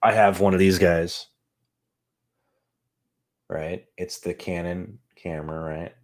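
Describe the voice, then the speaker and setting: A man's voice: sits low, fairly even intonation, slow. A man hosting his own podcast, rambling casually and swearing now and then as he talks into a desk microphone. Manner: rambling, profane, self-deprecating. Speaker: podcast host. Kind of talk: casual stream-of-consciousness talk. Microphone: desk USB mic on boom arm.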